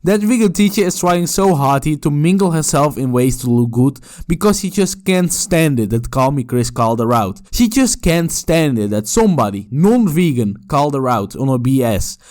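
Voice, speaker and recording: A man's voice: a little high, animated, moderate pace, hardly any pauses, darkish tone. A man giving mocking, profane reaction commentary on a video clip. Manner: sarcastic, profane and scornful.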